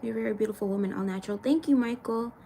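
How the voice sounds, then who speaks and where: A woman's voice: on the high side, rapid-fire, vocal fry, warm tone, slightly rough. A young woman from Florida chatting casually on a live stream, reading viewer comments aloud and venting frankly with plenty of swearing. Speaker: livestreamer answering chat.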